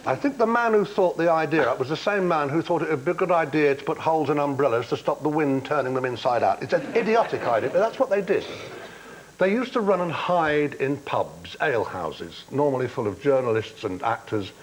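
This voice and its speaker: A man's voice: a little high, animated, a little fast, a little hiss or hum, low-quality recording. A man on a TV panel game telling a long, droll, theatrical story. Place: TV studio.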